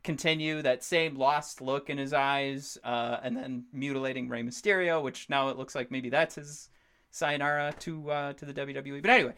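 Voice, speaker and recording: A man in his thirties co-hosting a podcast in casual chat, excitable and rambling, swearing freely as he talks. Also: medium pitch, normal speed, clean tone. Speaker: podcast co-host.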